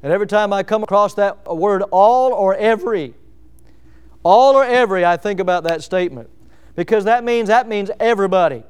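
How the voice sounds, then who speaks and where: High-voiced man preaching emphatically. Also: fairly quick, darkish tone, smooth. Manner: emphatic preaching, asks the congregation questions. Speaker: pastor. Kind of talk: sermon.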